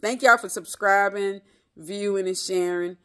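A woman's voice: medium pitch, steady tone, a little slow, pushed and bright. A middle-aged woman, chatting casually and rambling to her viewers about a hair product, full of "y'all" and blessings. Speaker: vlogger.

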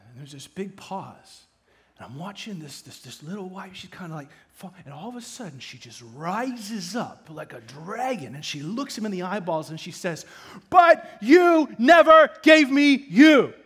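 Animated high-voiced preacher. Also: male voice, moderate pace. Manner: dynamic, swings from loud emphatic bursts to hushed asides. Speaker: pastor. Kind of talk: sermon. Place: church.

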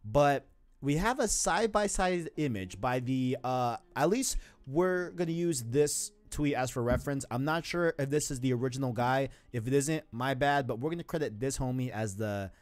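Slangy excitable man on a podcast. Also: medium pitch, moderate pace, no room sound. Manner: slangy and excitable, says "you know what I'm saying" often. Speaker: podcast co-host. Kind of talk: casual gaming podcast chat.

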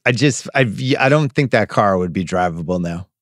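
Low-voiced man in casual movie chat. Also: normal speed, no echo. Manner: relaxed, dry, quotes film lines. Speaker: podcast host.

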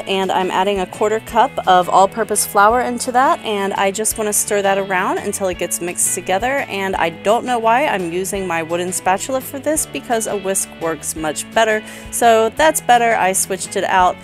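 A woman in her thirties narrating a cooking voice-over, calmly explaining each step of a recipe. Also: mid-range voice, moderate pace, hardly any pauses, soft background music. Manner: relaxed step-by-step instructions. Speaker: cooking channel host.

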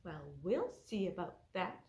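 A woman voicing a stern mother who gives slow, firm orders to her son in a children's storybook reading. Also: lowish voice, big pitch swings, a little mellow, voice pushed down. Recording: echoey library room.

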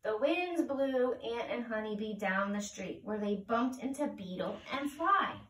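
A woman reading a picture book aloud to children in a gentle, sing-song way. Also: on the high side, animated, a little slow, a little hiss or hum. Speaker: children's storyteller. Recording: roomy, heard from a distance.

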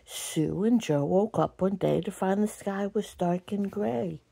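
Slow, mellow woman reading a picture book. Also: medium pitch, vocal fry, breathy edge. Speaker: storybook reader. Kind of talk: children's book read-aloud.

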